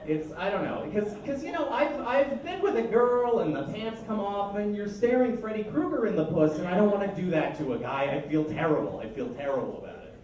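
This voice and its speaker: A man's voice: sits high, big pitch swings, fairly quick, few pauses, muffled recording, crowd noise. A man doing a stand-up set, rambling and stammering through restarts on a club stage. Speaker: stand-up comedian. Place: comedy club stage with audience. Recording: echoey club recorded from a distance.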